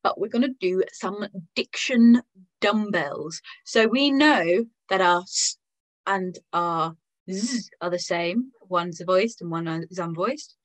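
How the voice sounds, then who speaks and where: A woman with an English accent leading an online singing lesson, gently encouraging and demonstrating sounds aloud. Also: mid-range voice, slow, poor audio. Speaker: singing teacher.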